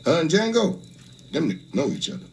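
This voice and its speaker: A man's voice: huge pitch swings, a little fast, darkish tone, slight background noise. An actor playing a scheming old male house servant with a drawl, sly and commanding, in a film. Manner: drawling, sly, abrupt shifts in pitch.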